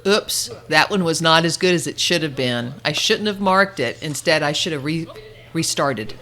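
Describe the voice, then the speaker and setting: Lively, bright-voiced woman training a puppy. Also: normal speed, a little hiss or hum. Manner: high sing-song praise to the puppy, calm explanations between. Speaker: dog trainer. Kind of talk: puppy training session with commentary.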